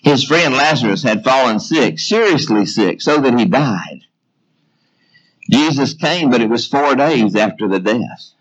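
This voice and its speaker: Man preaching with slow, weighty refrains. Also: mid-range voice, lively intonation, fairly bright tone, dull audio, slight background noise. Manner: repeats questions as refrains, slows down on key phrases. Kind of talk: sermon.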